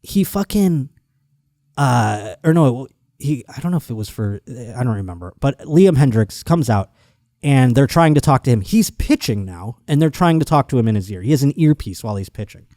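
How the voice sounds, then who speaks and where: A man hosting a podcast, telling a story in a casual, animated and profane comic monologue. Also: medium pitch, moderate pace, no echo, studio quality. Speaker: podcast host.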